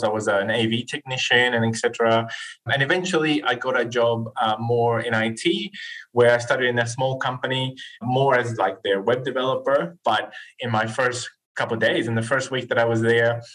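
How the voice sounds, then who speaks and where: A man of about forty from Chile, speaking English, tells his story as a podcast guest in a lively, animated way and acts out quoted voices. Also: medium pitch, moderate pace, low-quality recording. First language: Spanish. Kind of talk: casual interview storytelling.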